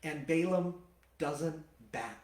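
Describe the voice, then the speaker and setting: Animated pastor teaching in a roomy hall. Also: male voice, on the high side, slow pace. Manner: animated, colloquial storytelling. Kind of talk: sermon, Bible teaching.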